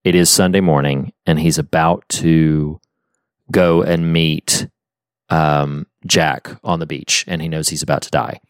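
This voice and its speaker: A man's voice: very deep voice, little pitch movement, unhurried, clear, resonant tone, no room sound, clean studio sound. A man co-hosting a podcast, talking earnestly and with feeling as he retells a film scene at length. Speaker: podcast co-host. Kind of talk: casual film discussion.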